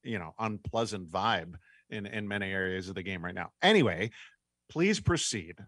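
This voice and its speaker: A man hosting a casual sports talk show, quick and wry and prone to tangents. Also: deep voice, animated, a bit bright, dry recording, studio quality. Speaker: sports podcast host.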